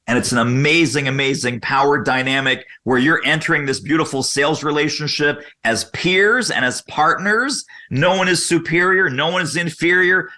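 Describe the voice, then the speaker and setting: A man guest on a podcast interview, explaining sales methods energetically and acting out quoted questions in lively voices. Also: on the high side.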